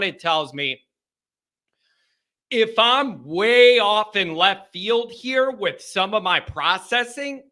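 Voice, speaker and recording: A man's voice: high voice, sharp tone. A man hosting a live sports call-in show, chatting casually to his audience, rambling, joking and restarting his sentences. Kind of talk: casual live-stream chat.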